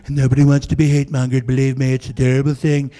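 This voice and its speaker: A man's voice: medium pitch, completely flat delivery, rapid-fire, mellow, close to an everyday voice. A man doing an impression of a boastful older politician, repeating short superlatives.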